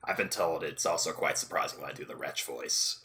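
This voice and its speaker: Low bright-voiced man chatting before a game. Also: fairly quick, slight background noise. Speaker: game master. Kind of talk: casual pre-session chat.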